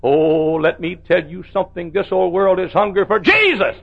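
Middle-aged man, pastor preaching from the pulpit, fairly high voice, dull old recording. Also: expressive, moderate pace, vocal fry, hardly any pauses. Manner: preaching with big swings from soft to shouted. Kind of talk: sermon.

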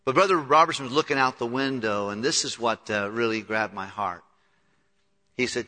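A man's voice: mid-range voice, normal speed, sharp tone. A man preaching a sermon as pastor, earnest and building to emphatic peaks, in a large church hall. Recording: long reverb of a large hall.

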